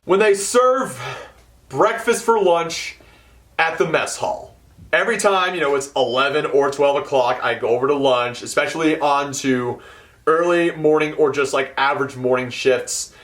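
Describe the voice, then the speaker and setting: A young man telling a work story in a casual ranting vlog, swearing freely and swinging between mumbled asides and loud outbursts. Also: mid-range voice, normal speed, faint music behind. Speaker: hotel event setup worker.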